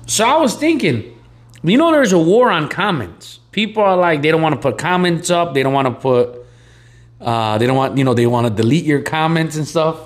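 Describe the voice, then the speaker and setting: A man with a slightly high voice that swings up and down a lot, chatting on a casual podcast. He talks in an excitable, animated way and repeats his points. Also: normal speed. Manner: animated, excitable, repeats himself, calls his co-host "bro". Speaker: podcast co-host. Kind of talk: casual chat.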